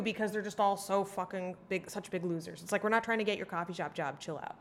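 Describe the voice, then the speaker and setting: A woman's voice: mid-range voice, steady tone, quick pace, few pauses. A woman comedian on a casual comedy podcast, blunt and sarcastic, ranting with filler words.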